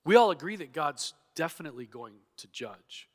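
With an animated voice pitched on the high side, a pastor works through an expository sermon at a moderate pace. He is earnest and emphatic, performing the objections he cites, and the church hall gives a long reverb.

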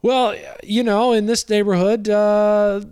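A man's voice: flat delivery, takes it slowly, darkish tone, smooth, dry recording, studio quality. A man voicing a curious, chatty couple of neighbors sitting on their trailer deck. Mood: gossipy. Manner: high, eager, gossipy.

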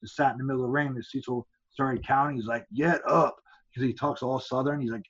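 A man's voice: mid-range voice, steady tone, quick pace, dull audio. A man, a former fighter, telling rambling stories as a podcast guest, stumbling and restarting often and acting out other people's lines. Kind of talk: casual storytelling.

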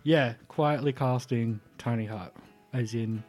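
Mellow-voiced playful man player. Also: medium pitch, moderate pace, soft background music. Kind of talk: casual podcast chat.

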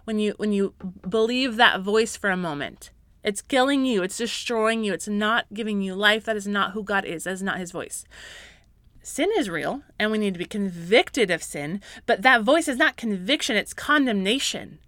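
A woman in her thirties hosts a faith-based parenting podcast, talking in an earnest, encouraging way that swells into fervent emphasis. Her voice is bright and forward. The recording is dry and close, with no room sound. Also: mid-range voice, animated, moderate pace, no room sound. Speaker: podcast host.

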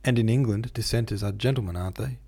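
A man doing a wry, teasing American gentleman. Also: lowish voice, quick pace, vocal fry, husky.

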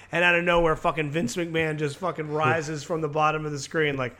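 A man with a bright, fairly high voice rambles through a crude comedy bit on a wrestling podcast. He swears freely and laughs at his own jokes. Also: flat delivery, a little fast, few pauses. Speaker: podcast co-host.

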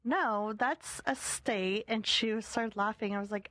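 Woman, mid pitch, jokey casual anecdote-teller, dry close sound. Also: slow, fairly bright tone, no room sound. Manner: chatty, jokey, laughs often.

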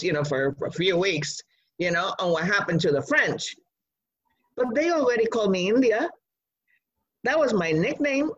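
A woman from Rico, telling a personal story in an animated, emphatic way. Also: mid-range voice, husky, lo-fi sound. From Puerto Rico.

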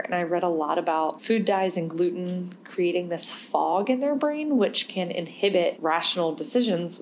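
A young woman with a slightly low voice tells a personal story on her podcast. She rambles and speaks frankly, with bursts of laughter along the way. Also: a little hiss or hum. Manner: rambling, candid, laughs while telling. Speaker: podcast host.

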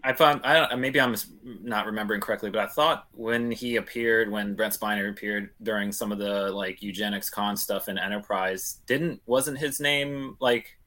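A man with a somewhat low voice talks in a relaxed podcast conversation. He rambles, restarts and leans on fillers as he gathers his thoughts. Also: normal speed, hardly any pauses. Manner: rambling, filler-heavy, hesitant. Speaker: podcast co-host. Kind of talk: casual chat.

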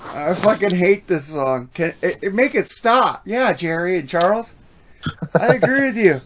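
A man's voice: sits high, lively intonation, a little slow, a bit bright, slight background noise. A man co-hosting a casual album review podcast, blunt and profane, laughing often. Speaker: podcast co-host.

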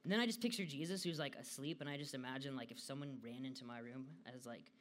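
This young American is a fast talker with a mid-range voice, giving a casual devotional talk. His delivery is chatty and full of fillers, especially "like," and he often laughs.

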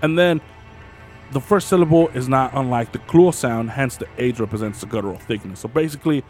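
A man's voice: medium pitch, fairly quick, darkish tone, soft background music. A man co-hosting a podcast in casual chat, rambling and swearing often, restarting his sentences. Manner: rambling, profane, many restarts. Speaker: podcast co-host.

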